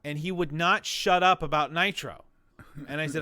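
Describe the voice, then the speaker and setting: Bright, clear-voiced man telling a story. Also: fairly high pitch, a little fast, no room sound, studio quality. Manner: animated, rambling with restarts and quoted dialogue. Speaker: interview guest. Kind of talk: conversational storytelling.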